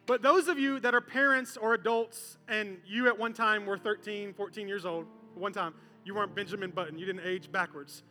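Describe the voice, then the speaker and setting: A male pastor with a strikingly high, bright voice preaches from the stage, swinging between joking asides and hushed earnest points. His sermon rolls out into a large hall with a long tail of reverb, and soft music plays underneath. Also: moderate pace, few pauses. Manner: animated, conversational and comic, acting out voices. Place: church stage.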